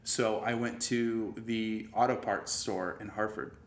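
A man's voice: on the low side, fairly even intonation, a little slow. A man in casual conversation, animatedly retelling a story with plenty of swearing and restarts. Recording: roomy echo.

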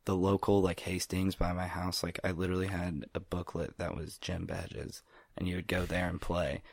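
Gravelly low-voiced young man. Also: flat delivery, moderate pace, dry recording. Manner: rambling, laid-back, lots of fillers. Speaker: podcast co-host. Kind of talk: casual chat.

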